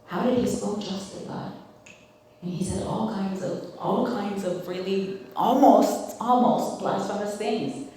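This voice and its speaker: A woman's voice: mid-range voice, unhurried, dark tone, a little hiss or hum. A woman leading a Bible study, talking casually and asking the group questions, with lots of fillers. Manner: conversational, asks the group questions, many fillers. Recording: very echoey room, mic at a distance.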